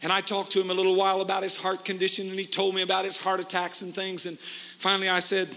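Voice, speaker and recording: A high, bright-voiced man preaching a revival sermon in a church. His delivery swings from hushed storytelling to fervent, shouted exhortation. The sound carries a long hall echo. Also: monotone, fast, slight background noise.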